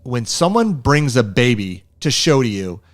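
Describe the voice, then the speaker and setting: Animated, swearing man co-hosting a podcast. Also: mid-range voice, unhurried. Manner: animated, swears freely, laughs often. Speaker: podcast co-host. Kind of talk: casual film review chat.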